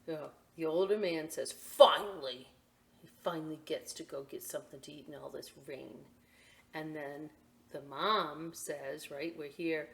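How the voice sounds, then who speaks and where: A middle-aged woman reading a picture book aloud for a library storytime, animated and chatty with frequent asides to her young listeners. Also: deep voice, normal speed, creaky.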